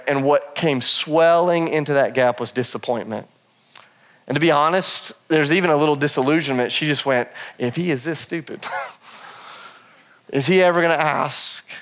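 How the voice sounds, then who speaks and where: A man's voice: on the high side, a bit bright. A man in his thirties, a pastor preaching a sermon, telling a self-deprecating personal story and laughing often. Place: church auditorium.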